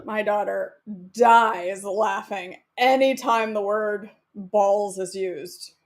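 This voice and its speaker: A woman's voice: medium pitch, fairly even intonation, slow. A woman, chatting and joking to herself while she cooks for her vlog. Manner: giggly, joking, talks to herself. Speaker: cooking vlogger. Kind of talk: casual chat while cooking.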